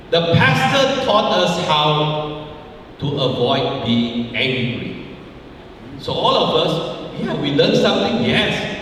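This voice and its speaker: A man's voice: fairly high pitch, a bit bright, slight background noise. A man preaching a sermon as pastor, emphatic, often repeating key phrases, in a church sanctuary. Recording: echoey hall, mic far off.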